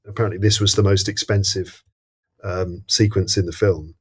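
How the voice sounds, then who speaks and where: Relaxed English man telling stories. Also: deep voice, moderate pace, breathy edge. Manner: storytelling, relaxed, amused. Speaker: podcast host. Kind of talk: casual film discussion.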